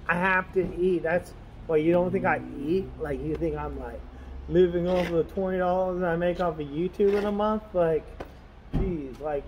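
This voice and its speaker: A man with a notably high voice talks into the camera from inside his car. He rambles and complains, circling back on himself with constant "you know"s, and a faint hum of ambience sits behind him. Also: a little mellow, low-quality recording. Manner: aggrieved, complaining. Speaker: delivery driver vlogger. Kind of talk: casual vlog rant. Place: in his car on a snowy road.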